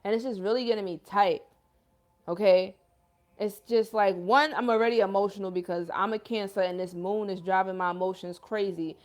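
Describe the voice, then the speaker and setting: A woman's voice: medium pitch, fairly even intonation, fairly quick. A young woman hosting a livestream as a self-described healer, talking in earnest, emotional casual chat full of slang like "yo" and "y'all" while reading out viewer comments.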